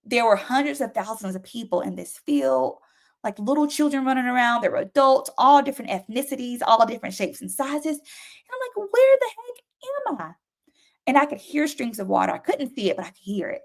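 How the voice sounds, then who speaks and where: A young adult woman, appearing as a guest on a talk show, tells her story emotionally, performing the frantic voices and pleas she describes. She speaks a little fast, her fairly high-pitched voice full of lively intonation.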